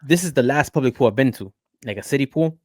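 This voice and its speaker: A man's voice: mid-range voice, animated, fast, dry recording, clean studio sound. A man co-hosting a podcast, chatting casually and often repeating words as he starts a thought. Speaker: podcast co-host.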